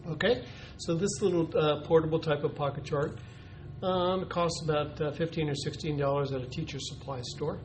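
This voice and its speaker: A man's voice: a little high, fairly even intonation, moderate pace, darkish tone. Man explaining a classroom teaching method. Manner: explanatory, with frequent ums and uhs. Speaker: teacher educator. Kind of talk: instructional demonstration. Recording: noisy recording.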